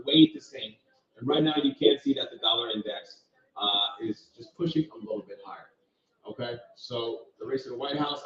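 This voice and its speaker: A man's voice: medium pitch, a bit bright. A man hosting a live trading stream, walking viewers through market charts in a casual, direct way and thinking aloud. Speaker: trading channel host. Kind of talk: live market commentary with screen share. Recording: roomy, distant, dull sound.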